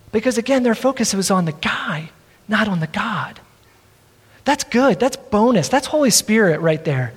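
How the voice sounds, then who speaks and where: High-voiced male pastor preaching in a hall. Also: expressive, slightly rough. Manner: earnest, drawn-out emphasis with self-deprecating asides. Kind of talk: sermon.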